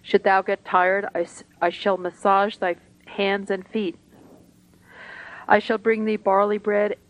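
A woman's voice: mid-range voice, level tone, unhurried, natural voice, poor audio. A woman voicing a simple, devoted young shepherd boy in an earnest, pleading manner while reading a spiritual story aloud.

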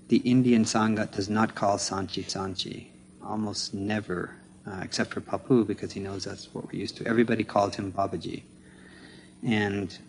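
A man earnestly recounting a personal story at a spiritual gathering, measured and halting, pausing to explain unfamiliar terms. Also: fairly low pitch, slight background noise. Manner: measured with frequent restarts. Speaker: speaker sharing trip experiences at a spiritual gathering.

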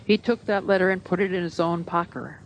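A woman reading a spiritual talk aloud at a gathering, in a measured, earnest voice. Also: on the low side, slight background noise, poor audio.

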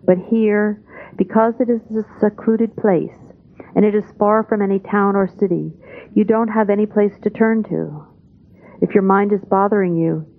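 A woman giving a spoken translation of a spiritual talk in a calm, measured, plain way. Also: mid-range voice. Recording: tinny, phone-like old tape.

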